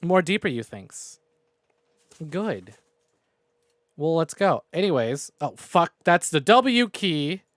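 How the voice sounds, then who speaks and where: A man's voice: on the high side, very animated, takes it slowly, long pauses, fairly bright tone, no echo, studio quality. Swearing, rambling male streamer. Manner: profane, rambling and self-mocking. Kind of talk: casual game stream recap. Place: home room. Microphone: new desk microphone.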